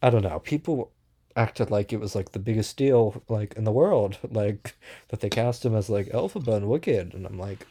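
Casting note: a man with a low, warm voice, casual and blunt, rambling critic. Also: animated, normal speed, slightly rough. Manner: rambling, blunt and sarcastic, many fillers. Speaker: theater reviewer. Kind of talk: casual spoken review.

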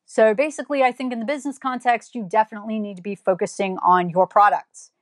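A woman's voice: a little high, steady tone, quick pace, hardly any pauses, no room sound, clean studio sound. A woman giving an opinion monologue, blunt and scolding, firing off one rhetorical question after another. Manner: emphatic, fires rhetorical questions. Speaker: commentator.

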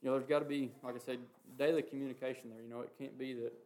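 A man giving an informal, earnest sermon, talking haltingly with many fillers and reading scripture passages aloud. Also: mid-range voice, flat delivery, warm tone. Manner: halting, heavy with "you know" and "um" fillers. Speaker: preacher. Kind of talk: informal sermon on the Lord's Prayer.

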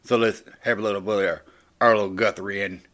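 A man's voice: fairly low pitch, flat delivery, a little fast, a bit bright. A man hosting a radio show, chatting casually in a loose, joking way with plenty of swearing.

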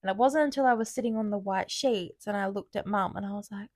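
A woman's voice: mid-range voice, fast talker, no echo, clean studio sound. A young woman co-hosting a podcast, chatting casually, swearing often and laughing through her own stories. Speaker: podcast co-host. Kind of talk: casual chat.

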